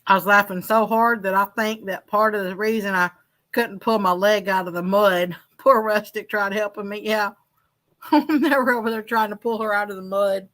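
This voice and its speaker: A woman's voice: medium pitch, steady tone, normal speed, fairly bright tone. A woman from Arkansas hosting a casual fishing livestream, chatty and giggly. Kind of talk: casual chat.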